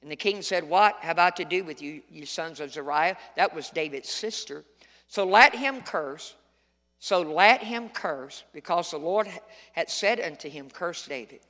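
A man's voice: a little high, lively intonation, a little slow, pushed and bright, in a large hall. A middle-aged male pastor preaching a sermon, telling folksy stories with sudden emphatic outbursts.

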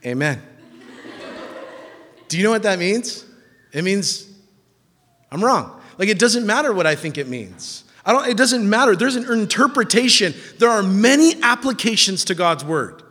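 A man's voice: high voice, big pitch swings, moderate pace, pushed and bright. A man preaching a sermon to a congregation, emphatic and repeating phrases for stress, with casual asides to the listeners. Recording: reverberant hall.

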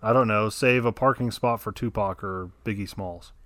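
A man's voice: on the low side, steady tone, moderate pace, fairly bright tone, no echo. A man co-hosting a casual podcast chat, dropping short dry interjections. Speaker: podcast co-host.

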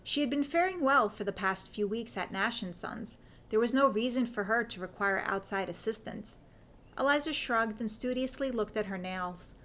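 A woman reading a fan fiction story aloud as narrator, in a steady storytelling way. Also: fairly high pitch, normal speed.

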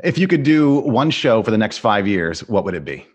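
Low-voiced enthusiastic male host. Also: sing-song, slightly rough. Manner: enthusiastic, quick-fire questions. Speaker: podcast host. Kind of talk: casual interview.

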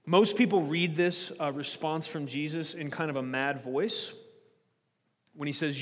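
Man, pastor, sermon, earnest, pleading, repeats words, slightly high voice, reverberant hall. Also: a little slow.

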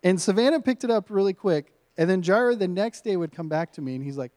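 A man in his thirties gives a guest sermon with a mellow, warm voice. He keeps it light and self-mocking and laughs often between lines. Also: sits high, expressive, quick pace, few pauses. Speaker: guest preacher.

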